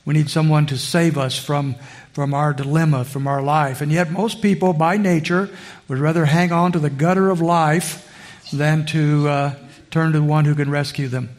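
Male pastor, slightly higher voice, easygoing conversational sermon delivery. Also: steady tone, normal speed. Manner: conversational preaching with frequent "uh" fillers.

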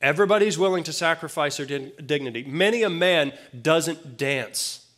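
A pastor with a somewhat high, slightly bright voice preaches a sermon at a moderate pace with lively intonation. He explains the scripture in a plain-spoken, conversational way, tossing in casual asides to his listeners.

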